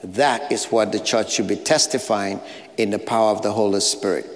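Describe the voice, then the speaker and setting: African-accented pastor preaching in a hall. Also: male voice, on the low side, steady tone, moderate pace. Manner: earnest preaching with short repeated phrases and light asides. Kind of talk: sermon. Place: church sanctuary.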